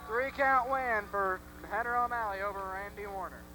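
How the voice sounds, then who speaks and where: Bright, excited wrestling commentator. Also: male voice, high-pitched, normal speed, slight background noise, rough recording. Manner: excited, hype-driven. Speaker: play-by-play commentator. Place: armory arena.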